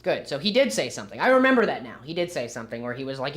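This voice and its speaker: A man's voice: mid-range voice, sing-song, fast talker, fairly bright tone. A man narrating a commentary video in a blunt, casual way. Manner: blunt, casual, talks over clips.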